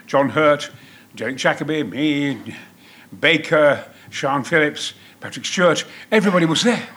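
A man in his seventies telling a stage anecdote as a guest, booming and theatrical and swearing freely. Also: unhurried, fairly bright tone.

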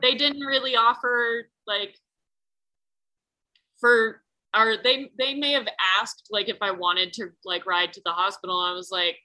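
A woman with a bright, forceful voice spins a casual personal story in conversation. She rambles, leans on "like" constantly and swears without a second thought. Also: a little high, steady tone, unhurried, low-quality recording. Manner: rambling, heavy use of "like", swears freely.

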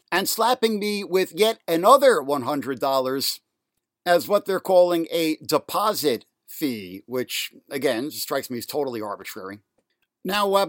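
A man in a halting, sarcastic rant, full of fillers and indignant asides. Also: a little high, no echo, clean studio sound. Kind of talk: ranting monologue.

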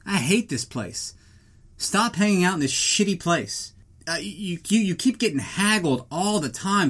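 A man giving a comedic movie recap in a ranting, profane, incredulous way. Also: a little high. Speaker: movie reviewer.

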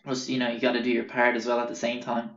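Fast and a bit bright, this young Irish podcast host speaks in a mid-range voice with a completely flat delivery. His casual storytelling is profane and meandering, thick with fillers and corrections of himself, in a roomy, dull lo-fi recording.

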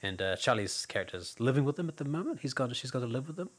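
A man's voice: mid-range voice, big pitch swings, fast talker. A man co-hosting a casual film podcast, rambling and repeating himself, laughing often. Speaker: podcast co-host.

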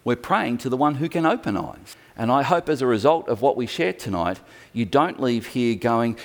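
A male pastor preaching a sermon, telling stories with animated emphasis. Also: medium pitch, moderate pace.

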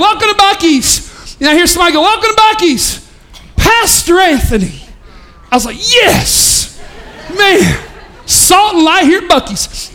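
A man preaching a sermon in a church, shifting from hushed prayer to loud proclamation and folksy stories with many restarts. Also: very high-pitched, poor audio. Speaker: pastor. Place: church sanctuary.

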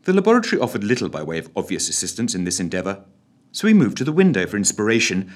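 Male narrator, husky and low, theatrical and highly animated reading of a story. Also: racing. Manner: theatrical, wry, very animated delivery.

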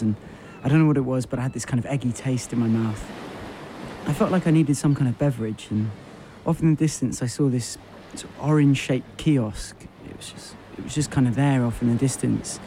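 A man's voice: medium pitch, warm tone, slight background noise. Rambling man telling a story. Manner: rambling, repetitive, full of fillers. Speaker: radio show host. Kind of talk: absurd deadpan storytelling monologue.

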